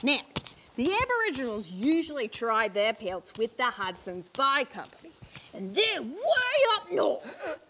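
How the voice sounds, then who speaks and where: A woman playing an excitable, theatrical wildlife-show host in a comedy sketch, dropping into hushed whispers. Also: high-pitched, a little slow, background noise, exaggerated voice. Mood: showy. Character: brash Australian-style wildlife-show host.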